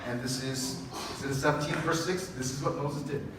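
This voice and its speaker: A man preaching a sermon as pastor, telling stories with quoted dialogue in an animated way. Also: medium pitch, brisk, background noise. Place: church sanctuary. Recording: echoey church hall from a distant mic.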